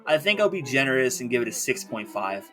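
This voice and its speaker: A man chatting casually as a co-host reviewing old cartoons, measured and opinionated with dry humor. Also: mid-range voice, very animated, fairly bright tone, faint music behind. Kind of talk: casual chat.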